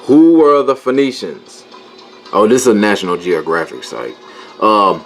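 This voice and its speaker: A man's voice: lowish voice, lively intonation, unhurried, soft background music. Man reading and teaching scripture casually. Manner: reads scripture aloud, stops to correct himself; informal, talks straight to viewers. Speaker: religious teacher.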